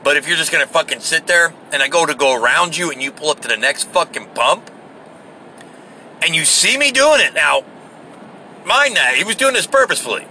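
A man telling a rambling, profane story in a casual, animated way, seated inside a vehicle. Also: fairly high pitch, a little fast, a little hiss or hum.

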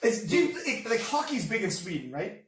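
A man from Canada hosting a casual interview, chatty and swearing freely, telling animated stories. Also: sits high, brisk, recorded from a distance. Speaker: podcast host. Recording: echoey room, voice off-mic.

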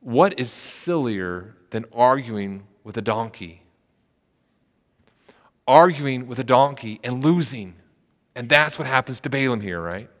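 A man's voice: medium pitch, animated, unhurried, big-room sound. A man preaching a sermon as a pastor, retelling a story and acting out its quotes.

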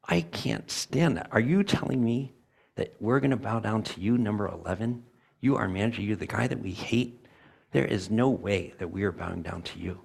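A preacher voicing the scornful jealous brothers. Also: male voice, on the low side, normal speed, creaky, a little mellow, husky. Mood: indignant. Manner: indignant, scornful protest. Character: resentful jealous older brothers, men.

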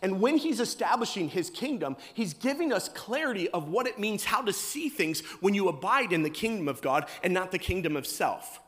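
A fairly high-voiced man in his thirties preaches to a congregation, slipping into acted-out voices and bursts of shouting as he tells his story. His voice rings with the long reverb of a large hall. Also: very animated, moderate pace, few pauses. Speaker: pastor. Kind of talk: sermon.

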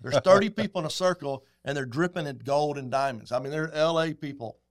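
A man's voice: on the high side, brisk. Folksy man telling stories. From Texas. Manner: folksy, animated, acts out quotes. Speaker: guest. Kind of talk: casual storytelling.

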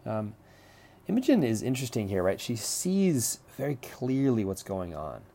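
Guy teaching a class on a play, chatty, mellow warm voice, kinda restarts a lot. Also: medium pitch, wildly swooping pitch, normal speed, gravelly. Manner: conversational, repeats words while thinking, asks "right?". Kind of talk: lecture on a play.

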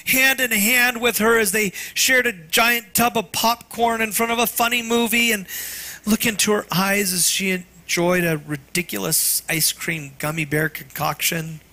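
A man preaching a sermon in an earnest, tender way, sometimes dropping to a hush. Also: sits high, fairly even intonation, a little slow. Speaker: pastor.

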